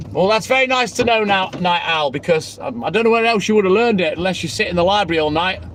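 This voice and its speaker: A man's voice: high-pitched, expressive, fairly quick, long pauses, a bit bright, a little hiss or hum. A man hosting a live stream and chatting with viewers in sweary, joking banter, recorded on a phone inside a vehicle. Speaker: livestream host. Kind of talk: casual live-stream chat.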